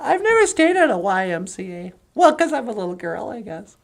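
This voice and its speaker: A woman's voice: mid-range voice, sing-song, brisk, gravelly. A woman rambling through a comedic story as a cartoon narrator, chatty and offhand. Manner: chatty and rambling, switching into character voices.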